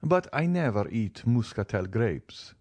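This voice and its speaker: A man's voice: mid-range voice, very animated, a little slow, darkish tone, dry recording. A man reading the part of a reserved, formal nobleman in an audiobook, cool and restrained. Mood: guarded. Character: reserved, guarded nobleman, middle-aged.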